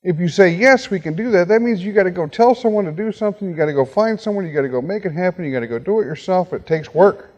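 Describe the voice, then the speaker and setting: Animated male storyteller in a reverberant hall. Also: high-pitched, fast, hardly any pauses, lo-fi sound. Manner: animated storyteller acting out quoted dialogue. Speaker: guest speaker. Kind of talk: storytelling talk to a university audience.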